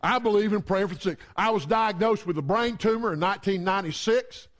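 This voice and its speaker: A man's voice: high-pitched, brisk, fairly bright tone. A man preaching a sermon in a conversational way, telling humorous stories.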